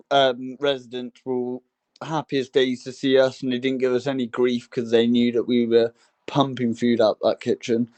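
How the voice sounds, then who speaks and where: A man's voice: medium pitch, clear, resonant tone. A young man, co-hosting a casual chat and telling a long rambling story full of fillers and restarts. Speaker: podcast co-host.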